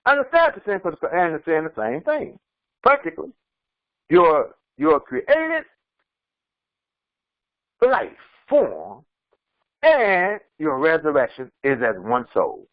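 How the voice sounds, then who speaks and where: Animated, high-pitched preaching imam. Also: male voice, moderate pace, no room sound, lo-fi sound. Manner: emphatic, repetitive preaching with stammered restarts. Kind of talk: sermon.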